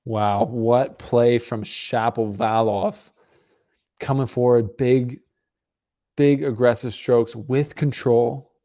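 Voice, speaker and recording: A man's voice: medium pitch, steady tone, slow pace, warm tone. A man hosting a live tennis watch-along stream, giving casual, rambling commentary and chatting with viewers. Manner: casual, rambling, talks to chat. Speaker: stream host. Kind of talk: live match commentary and chat.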